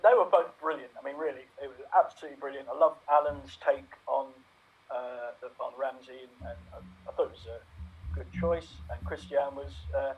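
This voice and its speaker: A man's voice: medium pitch, fairly even intonation, a little fast, husky, narrow, tinny audio. A man, an improv performer on a video call, enthusiastically praising everyone and refusing to pick a side. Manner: enthusiastic, gushing, fence-sitting.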